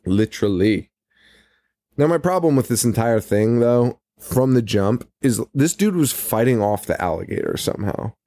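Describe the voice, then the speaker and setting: A man's voice: medium pitch, expressive, normal speed, few pauses, warm tone, no room sound, studio quality. A man co-hosting a podcast, recapping a movie in casual, profane, rambling banter with frequent laughs. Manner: rambling, laughs often, swears freely. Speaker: podcast co-host.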